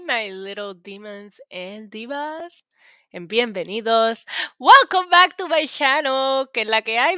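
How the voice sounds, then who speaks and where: A woman with a high, bright voice hosts a casual live stream from home, greeting viewers by name in a quick, chatty way. She laughs often and swears without a second thought. The sound is dry and close, with no room echo. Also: clear, resonant tone. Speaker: wrestling livestream host.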